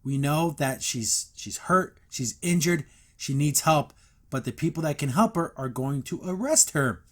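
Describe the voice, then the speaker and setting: Excitable man reviewing a cartoon. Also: a little high, measured pace. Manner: animated, recaps scenes and acts out quotes. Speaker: podcast host reviewing a cartoon episode. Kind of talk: casual commentary.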